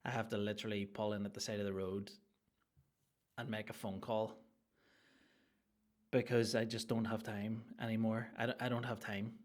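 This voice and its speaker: A man hosting a solo comedy podcast, ranting in a crude, rambling and excitable way. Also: lowish voice, normal speed, long pauses. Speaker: podcast host.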